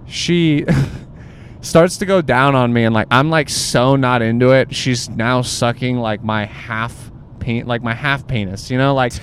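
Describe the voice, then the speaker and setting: A young man tells a crude story in a loose, rambling way, filling every pause with "like" and "bro". His voice sits at an ordinary pitch for a man. A faint vehicle rumble runs underneath. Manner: rambling, filler-heavy, says "like" and "bro" constantly.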